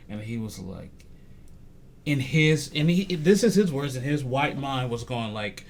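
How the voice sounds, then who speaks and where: Male podcast host, animated storyteller, mid pitch, casual chat. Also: normal speed, slight background noise. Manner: animated storytelling, quotes others in lowered voice. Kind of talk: casual conversation.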